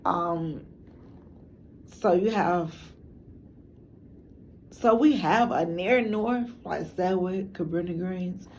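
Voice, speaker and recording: Gravelly, dark-toned woman from Chicago. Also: on the low side, extremely slow, pauses often, slight background noise. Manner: rambling, slangy, frank, laughs often. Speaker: documentary interviewee. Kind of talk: casual talk to camera.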